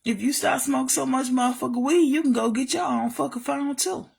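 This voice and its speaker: This female vlogger's voice sits high and slightly rough, with vocal fry and a brisk delivery. Her angry storytime about family is profane and repetitive, and she often addresses her audience directly.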